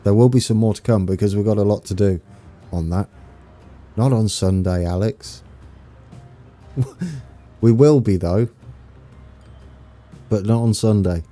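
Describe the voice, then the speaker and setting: East Anglian man, young adult, casual stream chat, self-mocking, low-pitched, dark mellow tone, faint music behind. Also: unhurried, pauses often. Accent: East Anglian English. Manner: chatty, self-mocking, laughs often, reads out viewer names. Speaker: game streamer. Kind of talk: casual live-stream chat while playing.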